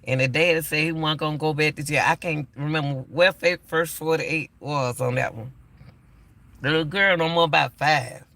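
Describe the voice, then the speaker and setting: Older male host, gravelly and bright-toned, emphatic casual commentary. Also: on the high side, steady tone, moderate pace, dry recording. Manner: emphatic, repeats himself. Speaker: YouTube commentator.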